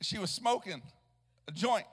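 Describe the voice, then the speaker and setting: A man's voice: sits high, lively intonation, a little slow, a bit bright, slightly rough, big-room sound. A man, a traveling evangelist preaching a sermon in a church, telling a story with restarts and rising into a chanted preaching cadence. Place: church sanctuary.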